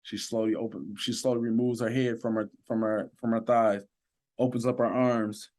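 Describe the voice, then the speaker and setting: A man's voice: mid-range voice, flat delivery, moderate pace, darkish tone. A man with a mid-range voice tells a personal story on a podcast. He speaks with earnest conviction and builds into a preacher-like rhythm of emphatic phrases. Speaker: guest, sheriff's deputy.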